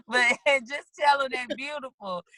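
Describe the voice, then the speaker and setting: Bright-voiced woman on a video call. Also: high-pitched, slow pace, no echo, low-quality recording. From St. Louis, USA. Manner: animated storytelling, acts out little quoted lines. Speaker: guest, children's book author. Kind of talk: casual video-call interview.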